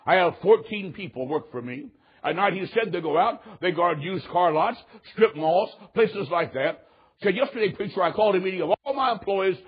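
A man preaching a sermon, telling a story with animated delivery and acting out the quotes. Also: sits high, normal speed, breathy edge, muffled recording.

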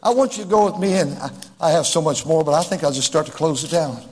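A man preaching a sermon in a church, rising suddenly and drawing some phrases out slowly. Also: on the high side, a little mellow, long reverb tail, slight background noise. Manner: preaching with sudden rises and drawn-out slow phrases.

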